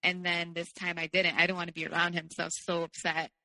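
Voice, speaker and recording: A woman's voice: on the low side, monotone, quick pace, bright, forceful tone, dry recording, long reverb tail, poor audio. A young woman telling a personal story as a podcast guest in a candid, casual way, with many fillers.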